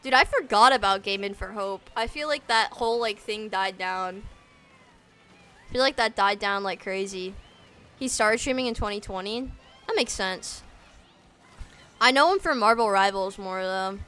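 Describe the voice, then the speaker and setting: A woman's voice: medium pitch, normal speed, long pauses, sharp tone, faint music behind. A young woman chatting casually on a live game stream, rambling with lots of slang and filler words. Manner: rambling and slangy, heavy use of "like" and "dude". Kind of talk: casual live-stream chat while gaming.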